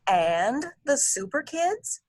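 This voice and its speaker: Storybook boy, eager and lively, read slowly and clearly in a dry close sound by a woman narrator. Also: high-pitched, no echo, full character voice. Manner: slow, clearly enunciated storybook reading. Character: young boy eager for fun.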